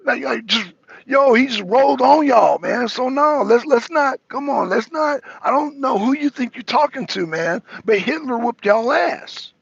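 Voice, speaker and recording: Brief: American male talk show host, very high gravelly voice, dry close mic, heated repetitive political rant. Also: animated, measured pace, dry recording, highs cut off. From United States. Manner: profane, repetitive, raising his voice. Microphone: streaming microphone.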